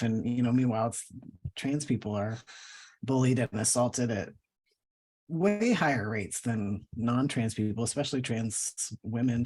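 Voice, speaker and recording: A man speaking as an interview guest in a casual conversation, thoughtful and pausing to search for words. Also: medium pitch, darkish tone, husky. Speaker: guest, professor and cartoonist.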